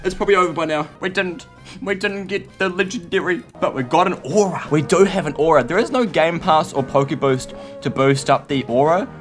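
A man commenting on his own gameplay in a frantic, excitable way, often shouting and squealing. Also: on the high side, brisk. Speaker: gaming YouTuber. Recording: light background music.

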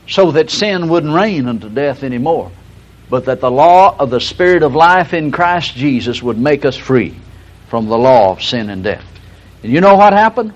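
An older man, teaching a broadcast sermon in a folksy storytelling way with slow, emphatic stresses. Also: a little high, darkish tone. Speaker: radio Bible teacher. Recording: dull lo-fi broadcast recording.

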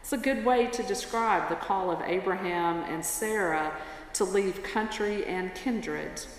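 A woman pastor preaching a sermon in a church sanctuary, telling a story in an unhurried way. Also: medium pitch. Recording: echoey church with long reverb, faint ambience.

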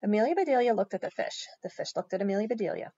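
A woman's voice: medium pitch, expressive, rapid-fire, mellow, highs cut off. A woman reading a children's picture book aloud and adding her own comments on the story. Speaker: storybook reader.

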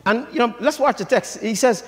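An older man preaching a sermon as pastor, with shouted, rising emphasis and call-and-response to the congregation. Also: extremely high pitch, brisk. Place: church sanctuary. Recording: church sanctuary with long reverb.

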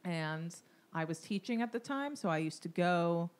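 A woman co-hosting a podcast, telling a story in a chatty way with frequent pauses and fillers. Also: lowish voice, animated. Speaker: podcast co-host. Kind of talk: casual storytelling.

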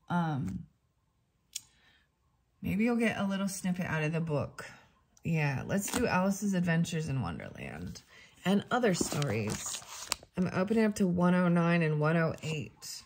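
A woman's voice: lowish voice, a little mellow. A woman giving a casual tarot reading to her viewers, chatting and thinking aloud as she reads passages from a book. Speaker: tarot reader.

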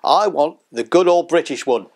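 A man's voice: fairly high pitch, expressive, moderate pace, darkish tone. A man playing a stubborn, blunt older patient with a Yorkshire accent in a satirical sketch. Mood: grumbling. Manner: blunt, bossy, grumbling. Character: gruff old northern English patriot, stubborn.

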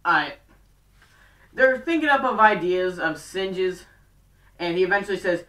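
A woman casually recapping a TV show, rambling and talking in quick bursts full of fillers. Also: fairly low pitch, expressive, a bit bright. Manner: chatty and rambling, fast bursts, many fillers. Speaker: fan video recapper. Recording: roomy, distant from mic.

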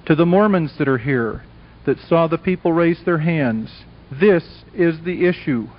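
A man with a fairly high voice delivers an evangelistic lecture to a live audience, emphatic and dramatic. He slips into the voices of characters as he tells a story. The sound is a dull, lo-fi old tape recording. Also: animated, unhurried. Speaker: Christian speaker. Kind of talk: evangelistic lecture with acted dialogue.

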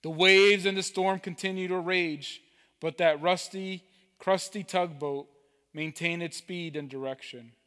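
A man preaching, telling a parable slowly and deliberately as a pastor. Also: high-pitched, steady tone, pushed and bright, clear, resonant tone, long reverb tail. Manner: slow, deliberate storytelling. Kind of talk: sermon storytelling. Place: church sanctuary.

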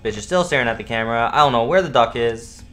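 A young man streaming a horror game, swearing, repeating himself and yelling at scares. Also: mid-range voice, lively intonation, quick pace. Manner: profane, jumpy, repeats himself, yells at jumpscares. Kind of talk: live gameplay commentary.

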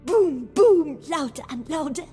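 A woman's voice: high voice, lively intonation, mellow, big-room sound, soft background music. A woman voicing a terrified young boy who stammers and halts through his words. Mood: frightened. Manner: stuttering, halting, shaky.

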